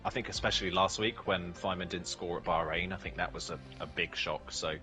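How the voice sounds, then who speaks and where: A man with a low, bright voice talks through his race in a relaxed post-race interview, laughing between answers. Faint music plays underneath. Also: brisk, low-quality recording. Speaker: racing driver, championship leader.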